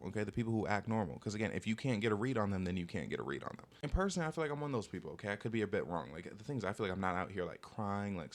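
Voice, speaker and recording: A young man giving dating advice in a casual monologue, talking fast with lots of "like" and "okay?", and mocking people in put-on voices when he quotes them. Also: fairly low pitch.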